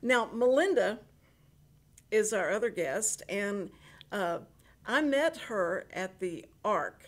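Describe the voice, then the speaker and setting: An older woman hosts a casual radio interview, speaking slowly at a medium pitch. She's a chatty, animated storyteller, and her stories are full of restarts.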